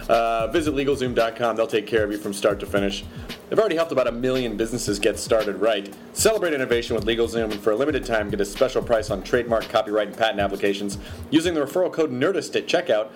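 Rambling joking male podcast host. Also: medium pitch. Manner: rambling, self-correcting, joking. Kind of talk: casual podcast intro and ad read.

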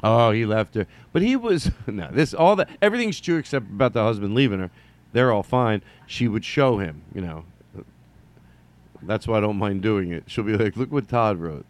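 A man's voice: on the low side, lively intonation, moderate pace. A man hosting a podcast, rambling through a comedic story, joking, interrupting himself and laughing at his own lines. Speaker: podcast host.

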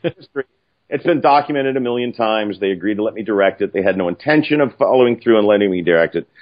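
An older man telling stories casually, animated and profane, acting out other people's lines. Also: fairly low pitch, quick pace. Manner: animated, profane, acts out quoted voices. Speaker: film writer-director guest. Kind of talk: casual anecdotal storytelling. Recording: muffled lo-fi audio.

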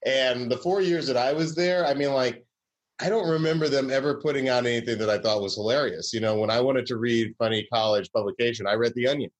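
A man's voice: medium pitch, fast talker. A man from Georgia, a comedy writer, telling stories in a casual interview with many fillers and restarts.

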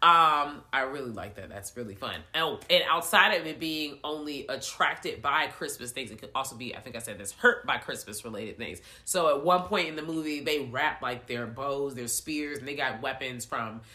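A woman co-hosting a podcast, retelling a movie in animated, profane casual chat full of slang. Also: rumbling low, moderate pace, hardly any pauses. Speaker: podcast co-host reviewing a film.

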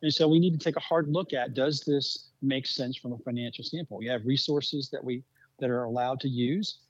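A man interviewed as a speedway executive, telling animated anecdotes with many restarts. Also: medium pitch, fairly quick, breathy edge, highs cut off. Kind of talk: interview storytelling.

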